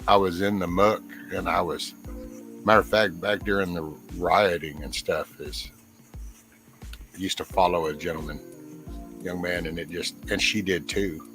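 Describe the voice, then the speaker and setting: A middle-aged man with a very low voice tells a long story to a camera mic on a casual livestream panel. He rambles earnestly and often restarts his sentences. Music plays behind him. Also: steady tone, moderate pace, poor audio. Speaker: guest panelist.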